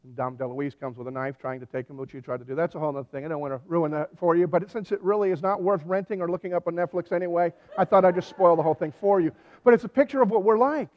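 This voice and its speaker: A pastor preaching a sermon in a conversational way, with dry humor and animated storytelling. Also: male voice, a little high, rapid-fire, few pauses. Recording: dull recording with long hall reverb.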